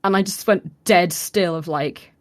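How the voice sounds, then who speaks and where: Woman, podcast co-host, casual animated storytelling, lowish voice. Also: unhurried. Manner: animated retelling, acts out quoted lines with many fillers.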